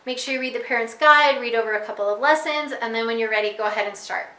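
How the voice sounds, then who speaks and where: A woman's voice: fairly high pitch, fast, pushed and bright, reverberant, far from the mic, rough recording. A woman who teaches reading, explaining to parents how to guide their child, patient and repeating her key points. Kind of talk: instructional talk to parents.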